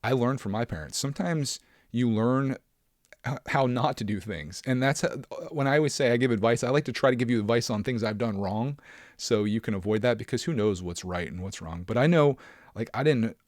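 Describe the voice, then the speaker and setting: A man's voice: mid-range voice, fairly quick, no echo, clean studio sound. A man hosting his own podcast alone, talking casually in a rambling way with lots of fillers and self-deprecating asides. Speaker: podcast host. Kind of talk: casual solo podcast chat.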